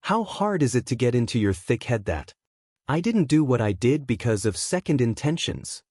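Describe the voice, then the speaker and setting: A man's voice: medium pitch, sing-song, moderate pace, a little mellow, no echo, clean studio sound. A man reading fan fiction aloud and voicing an earnest young man's ghost who pleads and defends himself. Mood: pleading.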